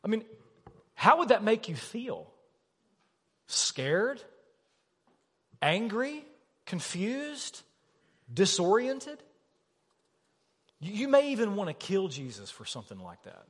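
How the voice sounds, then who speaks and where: A man with a high, slightly husky voice preaches an emphatic sermon. He keeps asking his listeners questions. The long reverb of a church hall follows every line. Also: slow, pauses often. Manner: animated, emphatic, rhetorical questions. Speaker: pastor. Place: church sanctuary.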